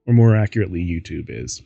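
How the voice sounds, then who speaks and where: A man's voice: low voice, very animated, fairly quick, gravelly, warm tone, lo-fi sound, faint music behind. A goofy, giggly man hosting a laid-back gaming stream and rambling to chat, a bit tired from poor sleep. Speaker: streamer host. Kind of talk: casual chat while gaming.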